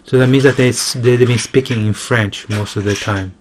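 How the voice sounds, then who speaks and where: Guy tutoring english off a novel, patient, keeps rephrasing stuff, average pitch. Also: fairly even intonation, normal speed, noisy background. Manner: patient, repeats and rephrases explanations. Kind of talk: reading aloud and explaining a novel.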